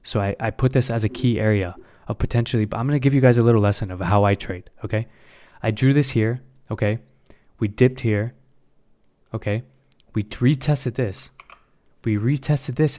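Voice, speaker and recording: Blunt, swearing young man with a mellow voice. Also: medium pitch, normal speed. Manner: blunt, swears often, repeats himself. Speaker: crypto trading streamer. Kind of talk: casual live-stream market talk.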